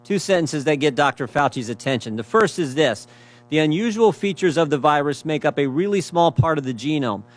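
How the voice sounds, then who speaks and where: Man, slightly raised pitch; emphatic prepared speech, quotes and rhetorical questions. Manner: emphatic, repeats phrases, asks rhetorical questions.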